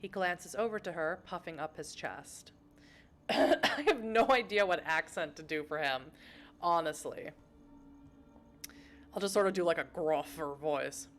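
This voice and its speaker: A woman's voice: low voice, a little slow, pauses often, slight background noise. A young woman streaming a narrative game, reading its text aloud and chatting with her viewers between passages.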